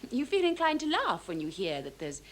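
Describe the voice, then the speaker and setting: A woman's voice: a little high, wildly swooping pitch, brisk, a little hiss or hum. An actress playing a bitter, sarcastic young woman in a 1970s televised stage drama. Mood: mocking. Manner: sarcastic and defiant.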